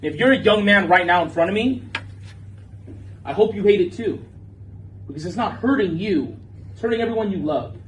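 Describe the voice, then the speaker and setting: A man's voice: high-pitched, expressive, moderate pace, long pauses, far from the mic, slight background noise, low-quality recording. A man lecturing a class in an impassioned, preachy way, with frequent swearing. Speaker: teacher.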